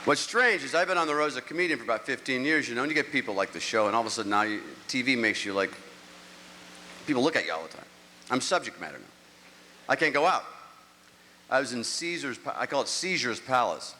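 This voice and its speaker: Stand-up comic, man, middle-aged, bright edgy voice, rambling self-mocking stories, live hall reverb. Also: mid-range voice, expressive, fast talker, a little hiss or hum. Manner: rambling, self-mocking storytelling with act-outs. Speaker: stand-up comedian. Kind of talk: stand-up comedy set. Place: large live venue, on stage. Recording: live show audio with long hall reverb.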